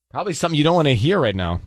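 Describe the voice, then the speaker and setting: A man hosting a morning radio show, chatting and joking with co-hosts and callers. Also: fairly high pitch. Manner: joking, teasing, quick laughs. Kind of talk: casual morning radio banter.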